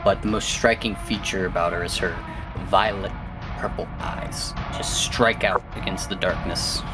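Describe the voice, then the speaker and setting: A man narrating as game master, relaxed and rambling with plenty of fillers. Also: low voice, normal speed, over loud music.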